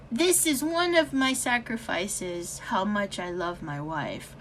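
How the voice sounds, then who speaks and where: A woman's voice: a little high, expressive, a little slow, few pauses, noisy background. An American woman in her young adult years ranting frustrated in a vlog, swearing a lot, sighing, and slipping Tagalog words into her English. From United States. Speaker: vlogger.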